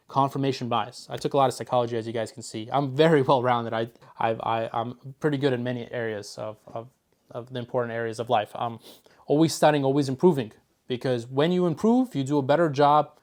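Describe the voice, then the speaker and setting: A man coaching viewers through a trading course in a mid-range voice. He talks emphatically, circles back to repeat his points, and gets higher and louder when he gets worked up. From Philadelphia. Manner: emphatic, repetitive, pumps up his voice when excited. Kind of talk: course lecture to camera.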